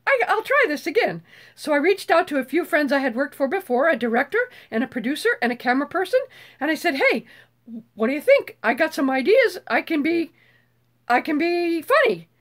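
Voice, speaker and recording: An older woman chatting casually as a channel host, with a high voice that swings widely up and down. She is bubbly, swears freely and breaks into screeches when excited. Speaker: YouTube host. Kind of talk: casual live chat.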